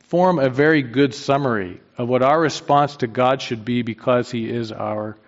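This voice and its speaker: A man's voice: mid-range voice, normal speed. A man preaching a sermon, earnest and emphatic, repeating his key phrases for weight. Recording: dull sound with long hall reverb.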